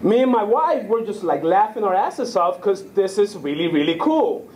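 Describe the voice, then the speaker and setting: High-voiced man from Puerto Rico, speaking. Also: very animated, moderate pace, darkish tone, echoey room, far from the mic, rough recording. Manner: conversational storyteller, keeps asking "right?". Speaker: guest speaker. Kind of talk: public talk. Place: lecture room.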